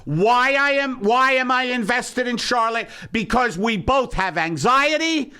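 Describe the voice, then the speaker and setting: Bright-voiced ranting man comic. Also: very high-pitched, lively intonation, unhurried, clear, resonant tone. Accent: New York. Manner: ranting, shouting swings, sarcastic. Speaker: podcast host. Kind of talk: comedic rant.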